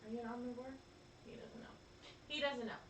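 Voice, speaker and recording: A woman co-hosting a casual chat, animated and laughing often. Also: on the high side, brisk, reverberant, far from the mic, slight background noise. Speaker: podcast co-host.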